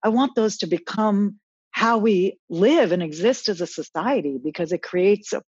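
A woman's voice: medium pitch, animated, moderate pace, darkish tone, husky, dry recording, lo-fi sound. A woman coach talking as a podcast guest, earnest and reflective, often restarting her sentences. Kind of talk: casual interview chat.

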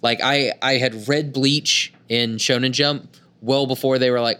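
A man's voice: mid-range voice, fairly even intonation, a little slow, sharp tone. A man in casual conversation about anime, rambling and trailing off, sometimes slipping into mocking little impressions.

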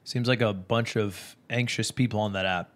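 A young man co-hosting a podcast in casual chat, dry and deadpan as he teases the host. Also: lowish voice, normal speed. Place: studio, seated beside the host.

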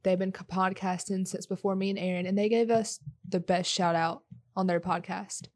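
A woman's voice: mid-range voice, flat delivery, normal speed, a little mellow. A woman in her early twenties with a South Carolina accent, co-hosting a podcast in easygoing casual chat. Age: early 20s. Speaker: podcast co-host.

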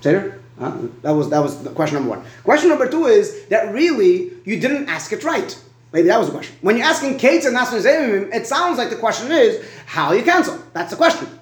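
A man teaching a Talmud study session, reasoning aloud in quick bursts and repeating words as he thinks, in an echoey room. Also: high voice, big pitch swings. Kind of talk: animated Talmud study debate.

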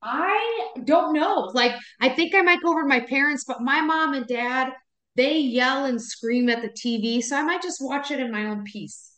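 A woman from Wisconsin co-hosting a podcast, chatting in a loose, rambling way and laughing often. Her voice sits a little high. The room around her sounds echoey. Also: normal speed, fairly bright tone. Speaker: podcast co-host. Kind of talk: casual podcast chat.

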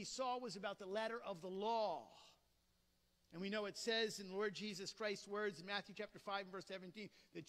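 A man preaching a sermon dramatically, asking rhetorical questions and swinging between loud and hushed delivery. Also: sits high, long reverb tail.

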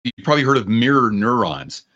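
Bright-voiced man telling stories. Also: medium pitch, lively intonation, a little fast, lo-fi sound. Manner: anecdotal, retells dialogue. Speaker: author and guest. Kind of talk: storytelling in conversation.

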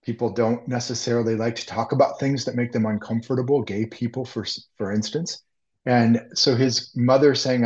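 A man from the American Midwest talks about his writing as a podcast guest. He is calm and reflective, restarting a few words now and then, and the sound is dull and slightly lo-fi. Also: mid-range voice. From Ohio, US Midwest. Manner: measured and reflective, with small restarts. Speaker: author guest. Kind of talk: interview conversation.

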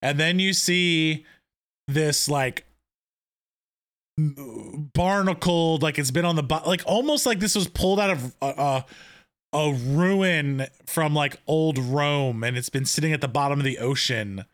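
A man co-hosting a casual podcast, recapping a TV episode in an excited, rambling way with many restarts. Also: on the high side, a little slow. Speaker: podcast co-host.

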